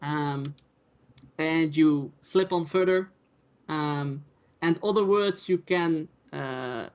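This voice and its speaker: A game master narrating a tabletop game over online voice chat, pausing often with ums and uhs. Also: mid-range voice, a little mellow. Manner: hesitant, many ums and uhs. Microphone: online voice chat mic.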